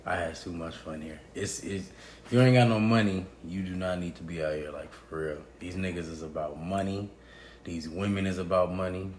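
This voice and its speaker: A young man chatting as a podcast guest, loud and profane with a laid-back drawl. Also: deep voice, reverberant, a little hiss or hum. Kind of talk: casual chat.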